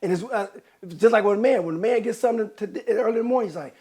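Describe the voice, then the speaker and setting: A middle-aged man hosting a relationship podcast, telling stories in a candid, animated way and acting out quotes with laughter. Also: high-pitched, fast. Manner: animated storyteller, acts out quotes, laughs often. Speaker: podcast host, relationship counselor. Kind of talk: candid conversational advice.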